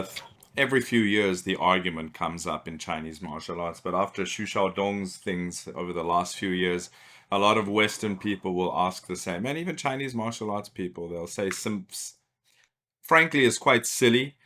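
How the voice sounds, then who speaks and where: A man's voice: low-pitched, normal speed, fairly bright tone. A man hosting a podcast interview who agrees often and then explains his points with animation. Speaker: podcast host.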